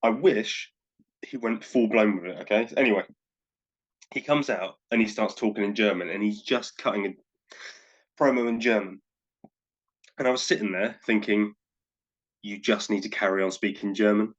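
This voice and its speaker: A man's voice: fairly low pitch, normal speed, long pauses, muffled recording. A man co-hosting a podcast, casually recapping wrestling matches and often repeating words as he goes. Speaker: podcast co-host. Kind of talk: casual wrestling review chat.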